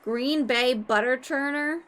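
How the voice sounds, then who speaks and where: Young woman, casual stream chat, crude, playful, a bit high-pitched. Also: takes it slowly, a bit bright. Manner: crude, swears a lot, playful.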